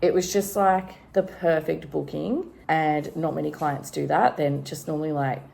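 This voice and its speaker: A woman's voice: low-pitched, fairly even intonation, normal speed, vocal fry, a little mellow, a little hiss or hum. An Australian woman vlogging casually at home, telling a rambling story full of fillers. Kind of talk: casual chat vlog.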